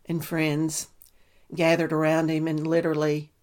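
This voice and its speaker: A woman, a mother telling a personal story in a halting way, with many ums and restarts. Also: deep voice, monotone, a little mellow. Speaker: mother recounting a family loss. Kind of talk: personal testimony.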